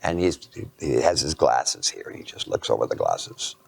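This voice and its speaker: A man lecturing through a personal anecdote, halting and self-mocking, dropping into hushed asides. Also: very deep voice, sing-song, vocal fry, husky, no echo.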